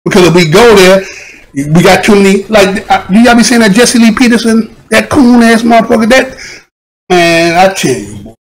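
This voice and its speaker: A man with a fairly high voice talks into his live stream in a loose, unscripted rant. He swears constantly and rambles with street slang. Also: lively intonation, moderate pace, low-quality recording.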